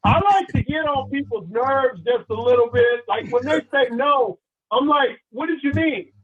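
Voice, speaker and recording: Over a tinny, phone-like recording with slight background noise, a man with a very high-pitched, fairly bright voice speaks at a measured pace. He's a motivational speaker giving a sales team a playful pep talk, acting out small scenes throughout.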